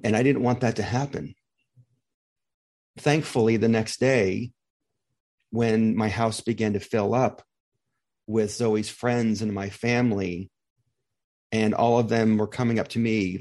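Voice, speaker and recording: A middle-aged man hosting a heartfelt interview, talking gently and reflectively with encouragement. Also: fairly low pitch. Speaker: grief coach host.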